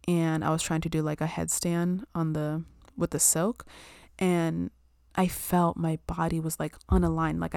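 A young woman talks in a loose, rambling way, peppering her speech with "like", "um" and the odd swear word. Her voice sits a little low for a woman. It is recorded close and dry, with no room sound. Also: a little mellow, clean tone, dry recording. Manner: chatty, full of "like" and "um", swears casually. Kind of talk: casual spiritual self-care chat.

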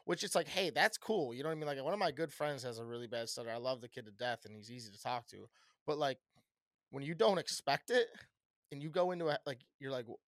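A man's voice: mid-range voice, fast, fairly bright tone, dry recording. A young American man co-hosting a podcast, telling loose, profane stories in casual chat on a close mic. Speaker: podcast co-host.

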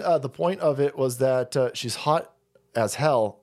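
A man's voice: a little high, a little slow. A man hosting a livestream, ranting in a casual, profane and sarcastic way and laughing often. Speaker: livestream host. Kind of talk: casual political rant.

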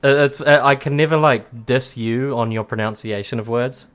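A man's voice: mid-range voice, moderate pace. A young man with a New Zealand accent, a podcast guest chatting casually, laughing often and swearing freely. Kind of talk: casual chat.

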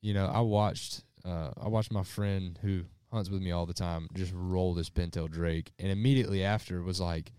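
A man hosts a relaxed hunting podcast, telling animated stories and swearing freely. His voice sits fairly low. The sound is dry and close, with no room echo. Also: moderate pace, few pauses, clear, resonant tone. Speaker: podcast host. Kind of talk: casual chat, storytelling. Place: hunting lodge, drinking beers.

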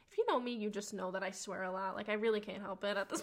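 A young adult woman hosting a podcast, telling a personal story in a chatty, slangy, animated way and swearing now and then. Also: quick pace, gravelly. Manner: chatty and animated, slangy, swears, acts out quotes with big pitch jumps. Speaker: podcast host. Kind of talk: casual storytelling monologue.

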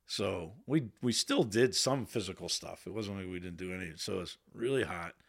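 In a podcast studio, a Navy veteran from the Boston area tells stories as a guest, talking casually and candidly and swearing plenty. His voice is low with vocal fry at a normal speed, and he quotes himself in a raised voice.

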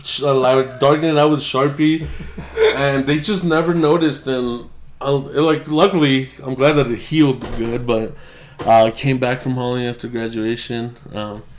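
A man's voice: mid-range voice, steady tone, moderate pace, slight background noise. A young man telling a loose, rambling story on a casual podcast and laughing often. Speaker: podcast co-host.

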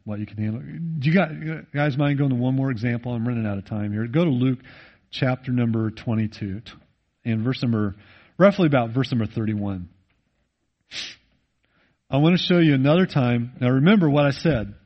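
A male pastor preaching a sermon, swinging between loud emphatic rises and low, intimate drops, and slowing down to read scripture. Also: highs cut off. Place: church.

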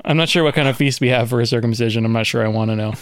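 A man's voice: mid-range voice, rapid-fire, clean tone, dry recording. A man hosting a casual comedic podcast, laughing often as he presents and reads out quotes. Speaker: podcast host presenting slides.

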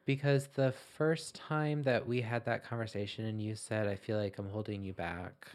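A man co-hosting a podcast in casual chat, playful and quick to poke fun at himself. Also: on the low side, steady tone. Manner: playful, self-mocking jokes. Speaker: podcast co-host.

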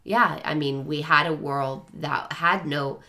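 Lady on a book podcast, bit low voice, rambly and animated. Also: takes it slowly. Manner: rambling, self-correcting, animated. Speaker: podcast co-host. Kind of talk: casual book discussion.

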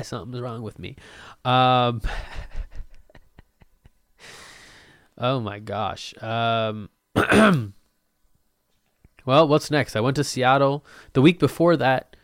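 A young man talks to himself at his desk for a solo podcast, rambling from one thought to the next and joking about himself. His voice sits in an ordinary middle range, and it jumps between loud bursts and low mutters. The sound is dry and close, with hardly any room around it. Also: slow pace, pauses often, dry recording. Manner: rambling, joking and self-mocking, with sudden loud bursts and mumbled asides. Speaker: podcast host. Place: at a desk at home.

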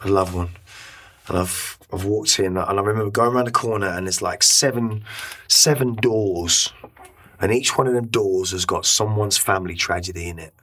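Low husky guy rambling thru a story, lots of restarts, swears a bit. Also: moderate pace, fairly bright tone. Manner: swears casually. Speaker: interview guest. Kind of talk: casual interview storytelling.

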